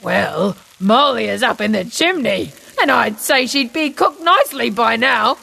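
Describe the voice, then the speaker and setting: A woman voicing a big, boastful, cruel male giant who shouts and laughs slowly. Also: expressive, creaky, breathy edge, exaggerated voice. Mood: gruff. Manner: booming shouts, slow gloating laugh.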